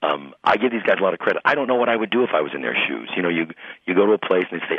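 A man who is a pastor, telling stories in a radio interview with lively retelling of conversations. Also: deep voice, rapid-fire, breathy edge, dry recording. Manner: animated storyteller, acts out quoted voices. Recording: tinny phone-line sound.

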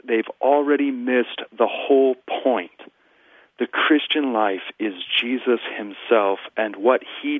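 Over a tinny, dry phone line, a male pastor appearing as a radio show guest earnestly teaches scripture, quoting verses at length. His voice sits in the mid-range with no echo.

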